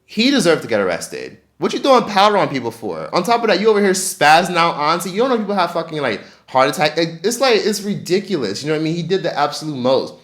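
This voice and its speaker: A man's voice: on the high side, big pitch swings, quick pace, few pauses, fairly bright tone. A man hosting a casual opinion rant, blunt and profane, talking straight at his audience. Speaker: commentary host.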